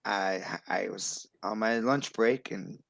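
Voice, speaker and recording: A man in his thirties, a guest telling his story in casual chat, animated with lots of fillers. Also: on the low side, takes it slowly, gravelly, dry recording. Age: 30s.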